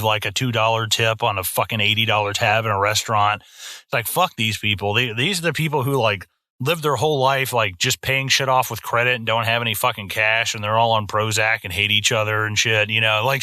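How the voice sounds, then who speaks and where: Bright-voiced man ranting casually. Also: medium pitch, no echo, clean studio sound. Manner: profane, ranting, jumps into mock voices. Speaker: podcast co-host. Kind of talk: casual film-review chat.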